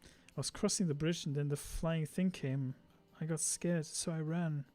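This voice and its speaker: A frightened young girl from a game stammers her story meekly and hesitantly, as a man puts her on. Her voice sits high and small. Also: steady tone, unhurried, dark tone, no echo, faint music behind, natural voice. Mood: timid. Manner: meek, hesitant.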